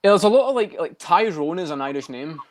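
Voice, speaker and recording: A man's voice: a little high, lively intonation, no echo. A young Scottish man with a Scottish accent in a casual podcast chat, swearing a lot as he talks. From Scotland. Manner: swears constantly, quick and chatty. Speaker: podcast co-host.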